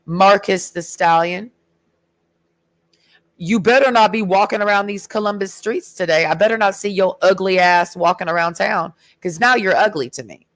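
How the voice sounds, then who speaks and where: A woman's voice: mid-range voice, normal speed, dry recording. A woman ranting in a heated, sarcastic and profane way in a casual vlog. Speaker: vlogger. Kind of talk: casual rant.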